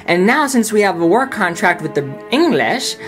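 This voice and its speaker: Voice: medium pitch, sing-song, normal speed, pitched above the performer's own voice, lightly acted. A reader voicing a businesswoman boss giving orders. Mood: businesslike. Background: background film-score music.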